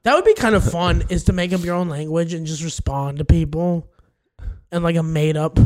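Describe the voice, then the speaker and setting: A man's voice: a little high, a little fast. A man co-hosting a comedy podcast, chatting casually and joking around. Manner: joking, rambling, playful. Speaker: podcast co-host.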